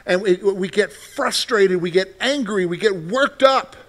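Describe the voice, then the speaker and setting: A man preaching a sermon, swinging between loud, animated outbursts and soft, quiet lines. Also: high-pitched, a little slow. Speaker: pastor.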